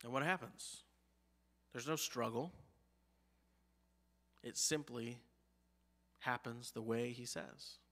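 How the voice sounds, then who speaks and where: Guy pastor giving a sermon, punchy and emphatic, kinda bright voice, long church echo. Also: medium pitch, steady tone, slow pace, pauses often. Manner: emphatic, with rhetorical questions to the congregation. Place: church sanctuary.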